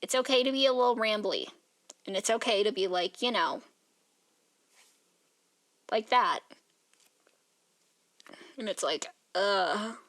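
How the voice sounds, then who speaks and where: A tired young art vlogger chats casually, rambling, yawning and saying "like" constantly among other fillers. Her medium-pitched, fairly bright voice moves slowly, with long pauses.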